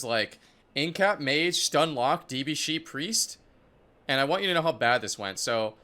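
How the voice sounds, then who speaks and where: A young man giving casual commentary on his own competitive match, excitable and profane, full of "like" and "dude". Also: fairly high pitch. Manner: excitable, profane, filler-heavy talk. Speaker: esports player reviewing his match.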